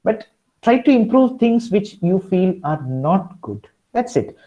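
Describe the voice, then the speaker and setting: A man's voice: high-pitched, big pitch swings, measured pace, mellow, dull audio. A man with an Indian English accent giving a webinar lecture, coaching listeners directly and repeating key advice. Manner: repetitive, encouraging, addresses listeners directly. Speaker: guest lecturer.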